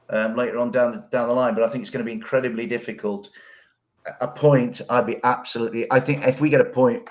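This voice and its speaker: A man talking football as a podcast guest, earnest and rambling, with colourful phrasing. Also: mid-range voice. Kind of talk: casual football podcast chat.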